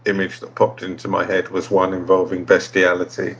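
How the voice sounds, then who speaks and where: Husky low-voiced man, laid-back. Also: completely flat delivery, a little fast, a bit bright, muffled recording. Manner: laid-back, hesitant, trailing asides. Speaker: podcast co-host. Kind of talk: casual comedic chat.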